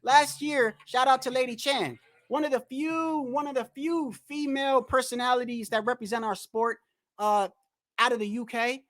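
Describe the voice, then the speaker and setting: A man's voice: very high-pitched, steady tone, moderate pace, a bit bright. A man telling a rambling, profane story on a casual livestream about boxing. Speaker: boxing commentary streamer.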